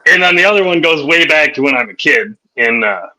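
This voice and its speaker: A man's voice: fairly high pitch, animated, a little fast, sharp tone, poor audio. A man hosting a podcast, telling profane, rowdy anecdotes in casual chat and laughing through them. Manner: laughs through his stories. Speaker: podcast host.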